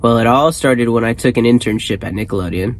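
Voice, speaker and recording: A man hosting a channel, reading a horror story aloud and breaking off into rambling, excitable comedic tangents. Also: medium pitch, fast talker, rough recording. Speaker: host.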